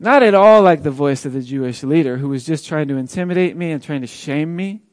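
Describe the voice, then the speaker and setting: An earnest, joyful man who was once paralyzed recounts his healing, as a man acts it out in a dramatic monologue. He tells the story in a fairly high voice and chuckles as he goes. The sound is dry and close, with no room echo. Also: a little fast, natural voice. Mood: reflective. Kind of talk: first-person dramatic monologue.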